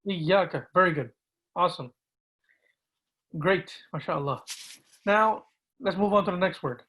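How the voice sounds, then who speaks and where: Man, imam leading a recitation class; slow, patient, gently corrective delivery. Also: high voice, rough recording. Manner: repeats words slowly, gently corrects. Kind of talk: patient pronunciation lesson.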